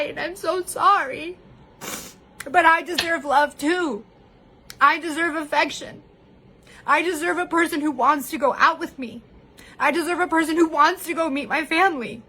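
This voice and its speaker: High-voiced woman speaking candidly. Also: bright, forceful tone. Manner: candid, heartfelt, tearful at moments, laughs often. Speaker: vlogger sharing personal story. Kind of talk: emotional live-stream monologue.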